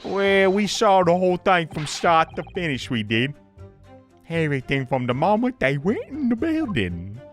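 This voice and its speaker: A man's voice: fairly high pitch, big pitch swings, normal speed, soft background music, pitched above the performer's own voice. A man voicing a chatty, gossipy male street vendor witness in a folksy manner. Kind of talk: game voice-acting.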